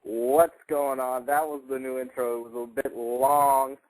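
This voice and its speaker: Man, radio co-host, mid pitch, emphatic, opinionated. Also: little pitch movement, a little slow, a little mellow, rough recording. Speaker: quiz contestant and co-host. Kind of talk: casual radio chat.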